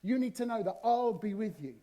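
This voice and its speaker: A man, preaching a sermon in a church, telling stories with lively swings between loud and soft. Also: high-pitched, fairly quick. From southern England. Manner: animated storytelling, shifting loud and soft. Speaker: guest preacher.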